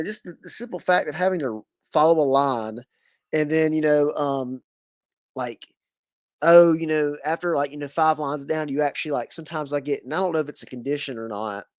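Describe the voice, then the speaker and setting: A man's voice: fairly high pitch, normal speed, no room sound, clean studio sound. A man with a Southern US accent hosting a casual podcast interview, rambling with lots of fillers and restarts. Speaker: podcast host.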